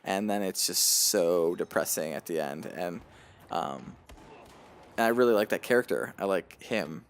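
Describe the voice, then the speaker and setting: A man's voice: deep voice, a little slow, creaky, slight background noise. A man co-hosting a podcast, chatting casually and animatedly, swearing freely and ranting. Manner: animated, swears casually, does mocking quoted voices. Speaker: podcast co-host. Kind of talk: casual chat.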